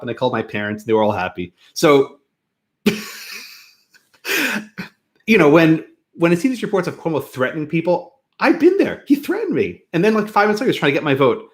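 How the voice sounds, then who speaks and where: A man from New York, a law professor, telling a personal story to his class with frequent chuckles and restarts. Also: fairly low pitch. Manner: animated storyteller, chuckles often, self-interrupts. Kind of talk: lecture with a personal anecdote.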